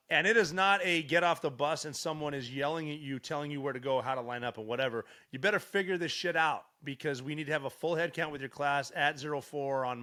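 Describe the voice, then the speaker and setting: Bright-voiced blunt-talking man in his forties. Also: fairly high pitch. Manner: blunt and profane, with frequent restarts. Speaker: podcast guest, veteran. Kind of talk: casual storytelling interview.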